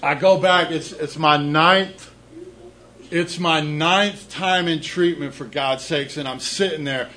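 Slow-talking middle-aged man giving candid testimony. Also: fairly high pitch, pushed and bright, slight background noise, low-quality recording. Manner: candid, self-deprecating, repeats words when starting a thought. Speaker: speaker sharing a recovery story. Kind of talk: personal testimony talk to an audience.

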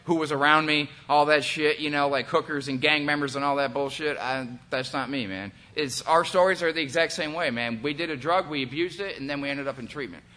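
A man's voice: fairly high pitch, a little fast, hardly any pauses, bright, forceful tone. A man in his forties giving a candid, rambling personal testimony about recovery, profane and full of fillers. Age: 40s. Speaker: recovery speaker.

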